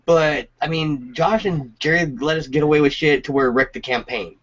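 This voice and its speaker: A man's voice: a little high, moderate pace, a bit bright. A man co-hosting a casual podcast, telling rambling, swear-filled stories about game nights. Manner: rambling, swears freely, storytelling. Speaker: podcast co-host. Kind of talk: casual chat. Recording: dull lo-fi audio.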